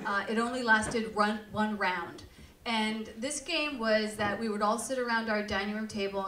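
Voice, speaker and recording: A woman hosting a live storytelling show, telling comic stories in an animated, profane way and laughing often. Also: medium pitch, a little hiss or hum. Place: live venue stage with audience. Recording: roomy live hall from far off.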